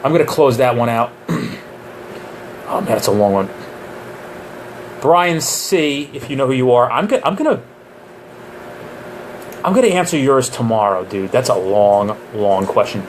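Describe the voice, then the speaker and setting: A man's voice: mid-range voice, expressive, a little slow, pauses often, slight background noise. A man who trains police officers, giving a casual live question-and-answer session with jokes and digressions.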